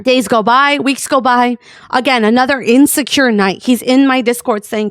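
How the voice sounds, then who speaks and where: A woman telling an animated storytime rant to her community, acting out people in mocking voices and swearing freely. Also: sits high, normal speed, no room sound, clean studio sound. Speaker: streamer and community owner.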